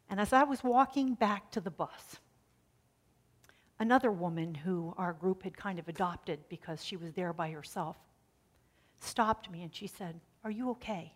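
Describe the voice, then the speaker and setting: A woman pastor preaching a sermon in a conversational storytelling way, dropping to a hush on key lines. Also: fairly low pitch, a little slow, pauses often, husky.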